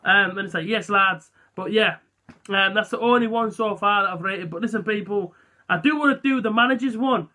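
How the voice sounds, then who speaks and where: A young man chatting casually to camera, rambling and self-deprecating with lots of fillers. His voice is high and bright. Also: brisk. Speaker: vlogger. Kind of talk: casual vlog chat.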